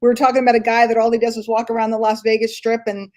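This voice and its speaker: A woman hosts a casual live stream in a chatty voice that sits a little high. She thinks out loud as she goes and fills the gaps with plenty of ums. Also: monotone, very fast. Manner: chatty, thinks aloud with many fillers. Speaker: host.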